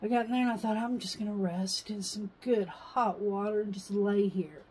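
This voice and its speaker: A woman's voice: medium pitch, normal speed, darkish tone, slightly rough, low-quality recording. A woman chatting casually in a home vlog while working on a countertop, rambling and laughing as she tells stories. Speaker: vlogger. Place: mobile home, indoors.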